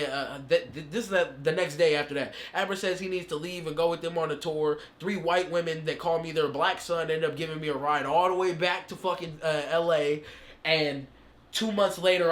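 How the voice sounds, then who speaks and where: Animated high-voiced young man storyteller. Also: reverberant. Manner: animated, profane, acts out quotes in a higher voice. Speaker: podcast guest, rapper. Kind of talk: casual storytelling interview.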